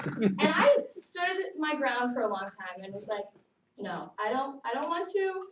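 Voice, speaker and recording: A young woman tells a personal story in a speech, her voice high and animated, full of casual "like"s. She sounds a little distant from the mic in an echoey room, with a faint hiss behind her. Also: unhurried. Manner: lively storytelling, often saying "like". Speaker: student speaker. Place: classroom.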